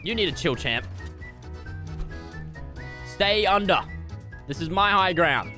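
A young man giving jokey, excitable gameplay commentary with sudden yelps. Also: high-pitched, slow pace, pauses often, faint music behind. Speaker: gaming YouTuber.

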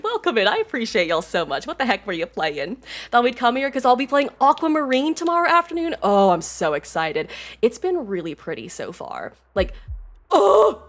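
Bubbly lively streamer woman. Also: mid-range voice, a little fast. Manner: bubbly, excitable, laughs often, swears casually, says y'all. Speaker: Twitch streamer. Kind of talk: casual live-stream chat while gaming.

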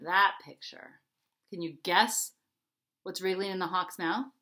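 A woman reading her children's storybook aloud, narrating gently and asking young listeners questions. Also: fairly low pitch, unhurried. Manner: gentle, lively teacherly narration with questions to kids. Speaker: author reading her book.

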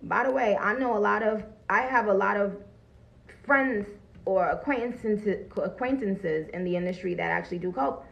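A woman's voice: mid-range voice, normal speed, gravelly, highs cut off. A woman chatting bluntly and profanely on a phone livestream, greeting viewers as she talks. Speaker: livestream host. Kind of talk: casual livestream chat. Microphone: phone camera.

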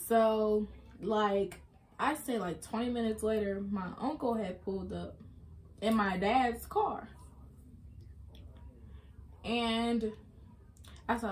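A woman's voice: medium pitch, moderate pace, long pauses. A young woman vlogger speaks. She retells a hard personal story in a loose, casual way, with many fillers and restarts.

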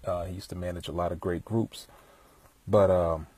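Deep husky man telling stories outdoors. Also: steady tone, normal speed, darkish tone. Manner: laid-back, rambling, many fillers. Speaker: host sharing music industry advice. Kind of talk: casual storytelling monologue. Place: outdoors, with bees around.

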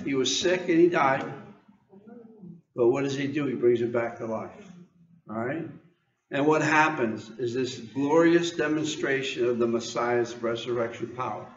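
An American man delivers an informal sermon, reading scripture, questioning the congregation and frequently repeating words. His mid-range voice sounds reverberant, and the recording is lo-fi.

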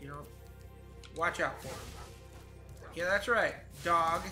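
Young male let's-player, very bright, slightly high voice, chatty and foul-mouthed. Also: takes it slowly, soft background music. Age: 20s. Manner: profane, rambling, chatty. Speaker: gameplay commentator. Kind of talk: casual let's-play commentary.

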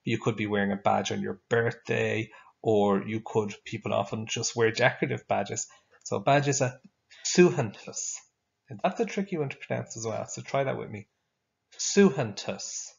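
A man's voice: lowish voice, normal speed, vocal fry. A man teaching a vocabulary lesson, patiently repeating each word for pupils to echo. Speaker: language teacher. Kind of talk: classroom vocabulary drill. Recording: dull lo-fi recording.

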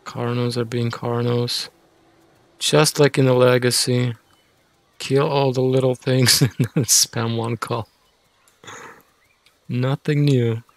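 A man's voice: mid-range voice, flat delivery, slow, pauses often. A man giving casual, rambling gameplay commentary, often frustrated and self-mocking. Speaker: gaming streamer.

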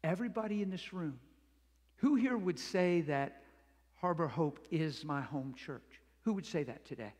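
A man preaching a sermon as a pastor, animated and acting out the voices he quotes, recorded in a church sanctuary. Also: a little high, unhurried. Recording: echoey church hall reverb.

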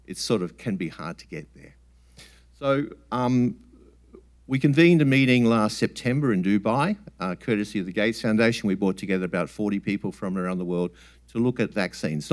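A man giving a relaxed, plain-spoken scientific talk at a summit, with frequent ums and restarts. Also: fairly low pitch. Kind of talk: conference talk with slides.

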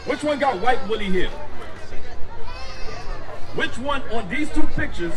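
A man preaching loudly on a city street, firing questions at passersby. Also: high voice, expressive, moderate pace, pauses often. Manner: loud, confrontational questioning. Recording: distant mic with street crowd noise.

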